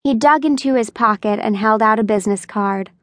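A woman reading an unabridged young adult novel as audiobook narrator, in a measured, even manner. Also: a little high, no room sound, clean studio sound. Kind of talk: scripted narration.

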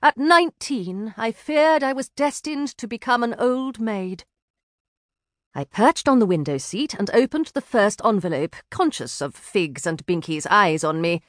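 Woman, audiobook narrator, animated intonation, dry close studio sound. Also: mid-range voice, measured pace, no echo. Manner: expressive, lively first-person telling. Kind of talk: scripted narration.

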